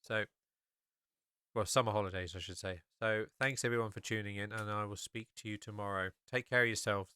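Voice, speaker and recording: A man's voice: lowish voice, steady tone, brisk, sharp tone, clear, resonant tone, no echo, studio quality. A man hosting a solo podcast, talking casually and rambling, with many fillers and restarts. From England. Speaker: podcast host.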